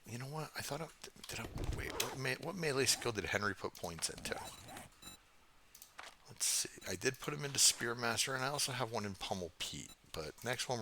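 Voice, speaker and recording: A man's voice: lowish voice, heavy background noise. A man in his fifties giving rambling, profane, self-mocking commentary while playing a video game. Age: 50s. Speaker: gaming channel host. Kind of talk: casual let's-play commentary.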